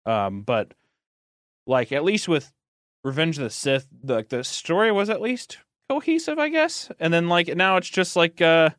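Brief: young male podcast host, lively voice, rambly and giggly, close dry mic. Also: a little high, moderate pace, dry recording. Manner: rambling, laughs often, acts out movie quotes. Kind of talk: casual chat.

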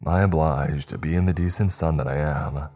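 Extremely deep-voiced male horror narrator. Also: fairly even intonation, moderate pace, dark tone. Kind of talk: scripted horror story narration.

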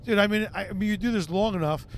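A male comedian guest on a podcast, telling animated, profane anecdotes and acting out other people's lines. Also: high voice, quick pace, a little hiss or hum. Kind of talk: podcast storytelling.

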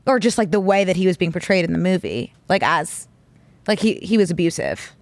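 A woman's voice: fairly low pitch, lively intonation, fairly quick, dry recording. Chatty young woman podcast host. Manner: chatty, filler-heavy storytelling with lots of "like". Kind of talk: casual chat.

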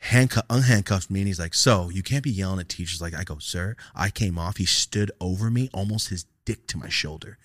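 A man's voice: low-pitched, brisk, hardly any pauses, a bit bright, no room sound, studio quality. A young man hosting a casual podcast, telling a profane story and acting out the voices of the people in it.

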